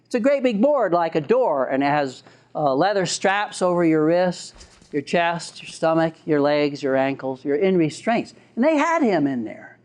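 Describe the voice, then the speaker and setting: Animated man telling a therapy story. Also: on the high side, moderate pace. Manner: animated, chuckling storyteller with sound effects. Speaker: therapist and lecturer. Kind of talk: storytelling lecture to an audience.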